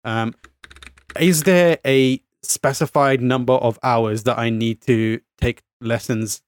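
In a medium-pitched, clean-toned voice, a man from the UK tells a story slowly in a casual chat as a podcast co-host. He's an animated storyteller who imitates the voices he quotes, swears, and leans on plenty of fillers.

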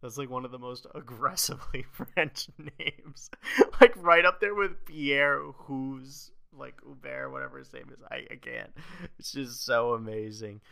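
A man co-hosting a sports podcast in casual chat, animated, laughing often and leaning on "like" as he talks. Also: medium pitch, measured pace, creaky, no room sound. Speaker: podcast co-host.

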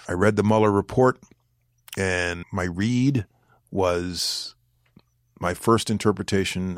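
Deep-voiced man, measured and deliberate. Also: dry recording, studio quality. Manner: deliberate, weighs words, pauses to choose phrasing. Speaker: former government official, interview guest. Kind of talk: measured interview answers.

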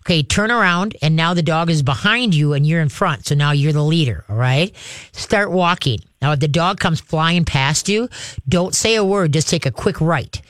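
A fairly high-pitched man gives casual, hands-on dog-training instruction. He is animated and often jumps into excited calls and claps to a dog. His voice is close and dry, with no room echo. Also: normal speed.

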